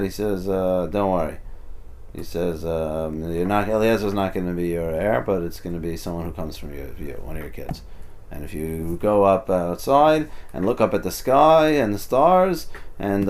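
A man's voice: sits low, animated, moderate pace, darkish tone, slight background noise. A man teaching an informal text study, translating passages and explaining them as he goes, often restarting and adding "you know". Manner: thinks aloud, restarts, many "you know"s. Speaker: Torah teacher.

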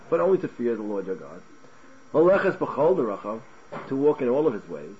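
A man teaching a Talmud class in an animated way, firing off rhetorical questions and restarting his words. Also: mid-range voice, brisk, highs cut off. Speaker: Torah teacher.

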